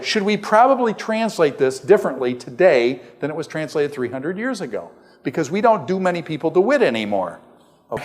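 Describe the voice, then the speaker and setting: A male professor gives a classroom lecture with a somewhat high voice. He talks conversationally and keeps asking his students questions. The sound carries a long reverb, as in a lecture hall. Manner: asks the class frequent questions, conversational and animated. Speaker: professor lecturing on Bible translation.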